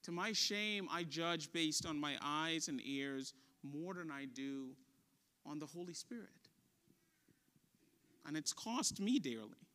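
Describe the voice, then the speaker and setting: A man preaching a sermon as pastor, asking the congregation questions and dropping soft and quiet for a story. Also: on the high side, lively intonation, slow pace.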